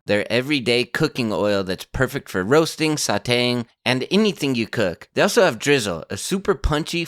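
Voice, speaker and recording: A man's voice: medium pitch, fairly bright tone, no echo, studio quality. A man co-hosting a podcast, chatting easily and reading sponsor spots in his own words. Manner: easygoing, chatty. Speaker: podcast co-host. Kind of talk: casual chat and host-read ad.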